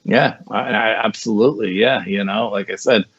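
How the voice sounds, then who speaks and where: A man's voice: lowish voice, steady tone, normal speed, a bit bright, slightly rough, no echo. A man, a guest on a podcast, telling a story in a casual, rambling way and saying 'you know' often. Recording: dull lo-fi sound.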